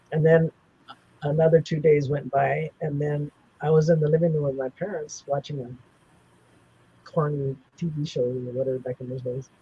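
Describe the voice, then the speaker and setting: A man's voice: fairly high pitch, dark tone, husky, lo-fi sound. A man in his seventies tells personal stories as an interview guest, rambling with many restarts and fillers. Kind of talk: personal storytelling in a casual interview.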